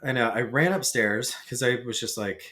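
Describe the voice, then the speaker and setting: A man chatting as a podcast guest, telling a story in a lively way and acting out the lines of the people in it. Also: medium pitch, normal speed. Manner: animated storyteller who acts out quoted lines.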